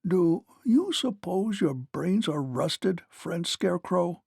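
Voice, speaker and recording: A man's voice: sits high, very animated, moderate pace, a little mellow, no echo, clean studio sound. A man voicing an anxious, polite male tin woodman in a storybook reading. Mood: weak. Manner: anxious and careful.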